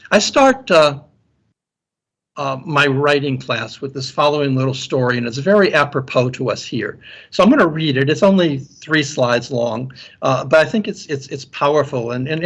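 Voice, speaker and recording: A man's voice: on the high side, fairly bright tone. A man lecturer giving an earnest conference keynote talk, often repeating words as he restarts his sentences. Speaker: guest speaker and university lecturer.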